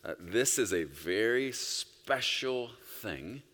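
A male pastor preaching a sermon, emphatic, swinging between loud bursts and soft, quiet stretches. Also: fairly low pitch, lively intonation, slow pace. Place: church sanctuary. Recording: long reverb of a large hall.

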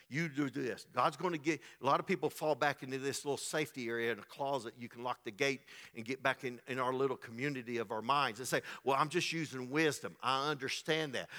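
A man preaching a sermon as pastor, telling a scripture story in an animated way, acting out its people and building to loud, rising passages. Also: mid-range voice. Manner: acts out the voices of the people in the story.

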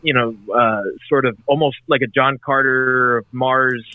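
A man's voice: mid-range voice, steady tone, measured pace, dry recording. A man co-hosting a casual podcast chat, reading out lists with many hesitations. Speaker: podcast co-host. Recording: tinny phone-like line.

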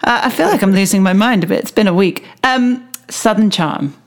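A woman in her thirties co-hosting a casual podcast. She talks in a candid, chatty way and laughs easily. Her voice sits at an ordinary middle pitch. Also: a little fast. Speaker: podcast co-host. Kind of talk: casual chat about reality TV.

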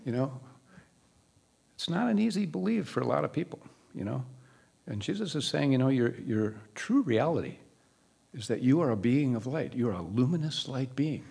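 A man's voice: mid-range voice, big pitch swings, normal speed, creaky, warm tone, breathy edge. A male minister preaching a sermon in a conversational way, often asking the congregation questions. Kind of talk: church sermon.

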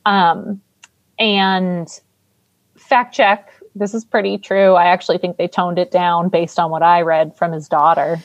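A woman's voice: fairly low pitch, little pitch movement, measured pace, no room sound, muffled recording. A woman co-hosting a casual podcast, chatting and recapping a film in an irreverent, swearing, offhand way. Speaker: podcast co-host.

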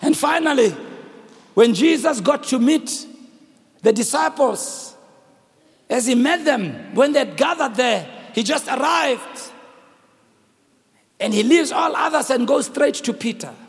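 A man preaching a sermon, swinging between shouted, sung phrases and hushed speech. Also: very high-pitched, animated, takes it slowly, vocal fry, long pauses. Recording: long hall reverb.

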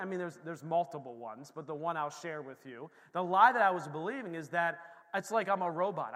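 A man preaching a sermon in a lively, conversational way, moving between quiet asides and emphatic points. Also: on the high side. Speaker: pastor. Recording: long hall reverb.

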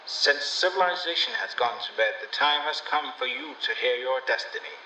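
A wry, mocking wanderer who talks dryly and bluntly in a storybook tale, as a male reader voices him. His tone is bright and sharp, lifted a little above the reader's own, heard from a distance in an echoey room. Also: mid-range voice, expressive, normal speed, slight background noise. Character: wry, mocking wandering dream-seller man.

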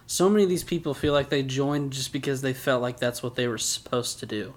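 A man's voice: medium pitch, brisk. A man co-hosting a podcast, chatting casually about an anime and tossing in dry, sarcastic remarks. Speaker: podcast co-host. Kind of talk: casual anime recap chat.

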